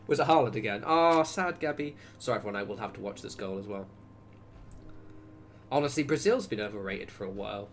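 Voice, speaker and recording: A man's voice: lowish voice, expressive, a little fast. A man from Southwest England with a Southern English accent, chatting casually and rambling on a gameplay livestream, swearing now and then and reacting aloud. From England (Wiltshire, Southwest). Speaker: game streamer.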